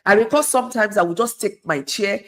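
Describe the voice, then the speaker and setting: Fairly quick and mid-range in pitch, a middle-aged female guest speaks earnestly in a conversational way. She's giving advice and keeps repeating phrases to stress them.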